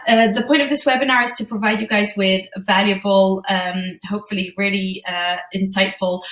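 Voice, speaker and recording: A woman hosting a live parenting webinar, answering questions gently with many ums and uhs. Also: medium pitch. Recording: roomy sound, distant from the mic.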